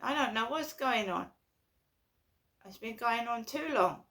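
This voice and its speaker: Anxious rambling woman, gravelly and bright. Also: a little high, expressive, unhurried. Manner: anxious, rambling, repetitive complaints. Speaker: vlogger. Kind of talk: casual personal vlog.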